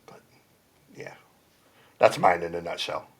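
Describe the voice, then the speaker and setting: A man's voice: deep voice, unhurried, fairly bright tone, slightly rough. A man in casual chat as a podcast guest, rambling and laughing often between points. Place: home basement room.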